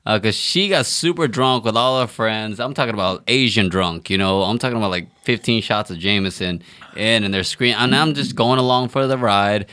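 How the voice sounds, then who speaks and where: Male co-host, bright and punchy, animated storyteller. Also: lowish voice, fairly quick. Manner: animated storyteller, acts out quotes. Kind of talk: casual chat.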